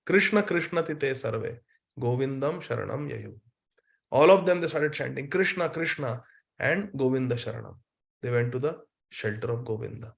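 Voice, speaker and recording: A man giving a scripture lecture who chants Sanskrit verses and then retells the story with animated explanation. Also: medium pitch, normal speed, creaky. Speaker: spiritual teacher.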